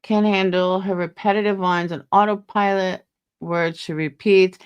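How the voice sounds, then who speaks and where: A woman's voice: medium pitch, fairly even intonation, normal speed, smooth, muffled recording. A woman hosting a casual livestream, tired and yawning, gossiping and greeting viewers by name. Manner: chatty, gossipy, reads out viewer names. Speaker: livestream host. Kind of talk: casual chat with live viewers.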